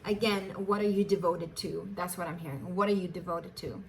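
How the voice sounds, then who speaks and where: Woman, tarot reader, warm chatty delivery, affectionate, faint hiss behind. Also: lowish voice, fairly even intonation, fairly quick. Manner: chatty, affectionate, laughs often, restarts phrases. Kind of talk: casual tarot reading to camera.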